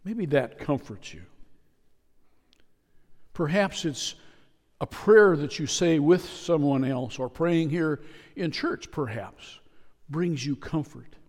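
A man preaching a sermon in a church, speaking in a measured, repetitive way with emphatic pauses. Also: on the high side, a little mellow. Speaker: pastor. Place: church sanctuary. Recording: long reverb of a church hall.

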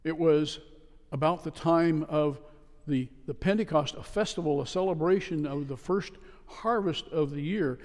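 Casting note: male pastor with a slightly higher voice, earnest storytelling sermon, long church echo. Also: normal speed, a little mellow. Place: church sanctuary. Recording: long reverb of a church hall.

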